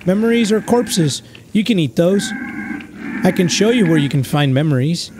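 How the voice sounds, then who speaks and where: A man voicing a mysterious plant creature in a video game, speaking its lines in a calm, coaxing way. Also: sits high, normal speed, background noise.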